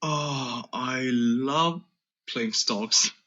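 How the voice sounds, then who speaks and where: A man, a sales manager calling in, speaking in a hesitant, halting way. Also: mid-range voice, bright, forceful tone, slightly rough. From China. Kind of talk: casual chat. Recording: dull lo-fi call audio.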